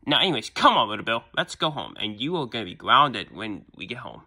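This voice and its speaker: A man's voice: medium pitch, big pitch swings, fairly quick, sharp tone, slightly rough, heavily acted. A man voicing a stern cartoon father who scolds and lectures his son. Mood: scolding.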